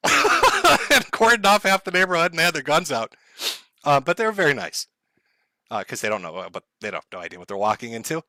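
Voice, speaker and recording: A man's voice: mid-range voice, bright, forceful tone, no room sound, clean studio sound. A man streaming live in casual chat, sarcastic and profane, laughing often as he talks to his chat.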